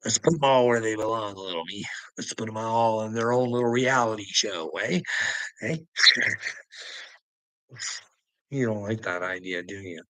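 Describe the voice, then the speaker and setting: A man's voice: lowish voice, measured pace, pauses often, a bit bright, no room sound, poor audio. A man rambling through a solo monologue, mocking and profane, breaking into laughter between nearly every phrase. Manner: profane and taunting. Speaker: vlogger.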